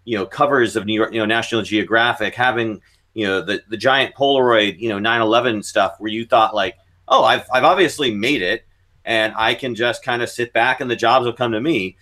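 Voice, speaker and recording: A man's voice: mid-range voice, a little fast, sharp tone. Man host asking rambling questions. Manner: long rambling questions packed with "you know". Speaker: podcast host. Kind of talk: podcast interview.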